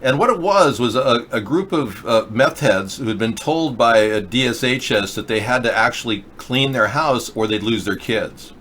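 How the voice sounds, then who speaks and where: The host of a casual political livestream from the US Pacific Northwest rambles sarcastically, ridiculing and telling off people in chat. He speaks at medium pitch and moderate pace with few pauses, the tone fairly bright, with a little hiss or hum behind.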